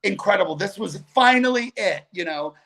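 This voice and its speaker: A middle-aged man, a guest comedian, telling stories animatedly over a video call. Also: high voice. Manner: animated, chatty, quick asides. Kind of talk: casual storytelling on a video call.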